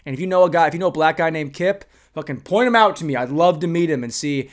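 A young man podcasting alone in his room, rambling and profane, swinging between loud rants and muttered asides. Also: on the high side, fast. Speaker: solo podcaster. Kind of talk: casual comedic monologue.

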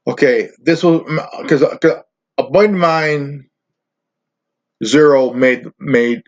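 A man with a slightly high voice rants on his own vlog at a slow pace, swearing, rambling and stammering. The recording is dull and lo-fi.

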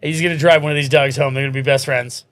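A man's voice: medium pitch, fast. A man casually riffing over a movie as a commentary host, swearing and joking. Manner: animated, swearing, jokey reactions.

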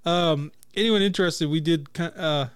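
A man co-hosting a casual podcast chat, laughing often and breaking into loud impressions of people. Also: fairly high pitch, normal speed, smooth, dry recording. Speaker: podcast co-host.

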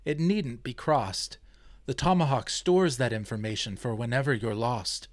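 A man voicing a gracious woman who hands down a family heirloom, speaking calmly and instructively. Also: mid-range voice, normal speed, no room sound, natural voice. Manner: calm, instructive.

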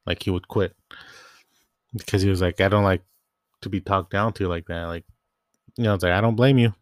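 Low-voiced young man ranting about work. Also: flat delivery, normal speed, dry recording, studio quality. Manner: rambling, quotes coworkers, frequent "like". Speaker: grocery store worker. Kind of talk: casual storytelling rant.

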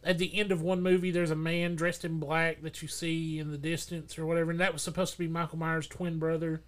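A man's voice: a little high, level tone, fairly quick. A man hosting a casual podcast, talking in a rambling, chatty way and laughing often. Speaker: podcast host.

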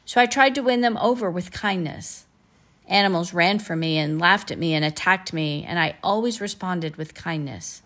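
A woman reading aloud as a kind, gentle female robot from a children's storybook, in a calm and earnest voice. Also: on the low side, normal speed.

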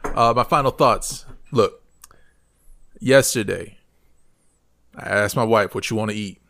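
A man with a gravelly voice riffs as a podcast co-host. His delivery is casual and animated, a comic rant full of exasperated questions. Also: on the low side, a little slow, slight background noise.

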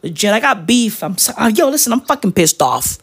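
A man's voice: sits high, sing-song, a little fast, fairly bright tone, husky. A man ranting about his football club in a casual, slangy style, swearing and tagging his lines with "right?" and "bruv". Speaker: football fan vlogger.

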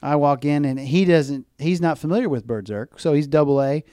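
Mellow, smooth-voiced man telling lively stories. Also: on the high side, brisk, no echo, studio quality. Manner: animated storyteller who acts out quoted voices. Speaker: baseball mascot performer, guest. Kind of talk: storytelling interview chat.

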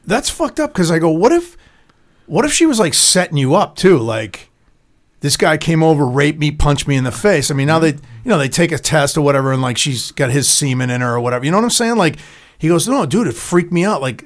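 A man's voice: on the high side, quick pace. A man chatting casually and telling a crude, profanity-filled story. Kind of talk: casual chat.

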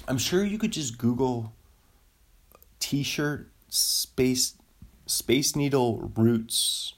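A man in his thirties hosting a solo podcast, rambling, cutting himself off and laughing at his own jokes. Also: medium pitch. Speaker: podcast host.

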